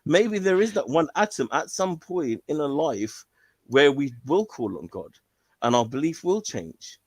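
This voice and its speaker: A male caller telling a story on a call-in stream in an animated way, laughing and restarting often. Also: fairly high pitch, measured pace, breathy edge, no echo.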